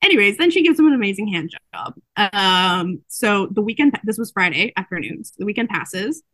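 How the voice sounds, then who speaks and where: A woman retells a book in an animated, casual way, slipping into the characters' lines as she goes. Her voice sits in a middle range. The sound is close and dry, with no room around it. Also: mid-range voice, fairly quick, dry recording. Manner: animated storytelling, acting out quotes. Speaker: podcast host recapping a book. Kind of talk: casual chat.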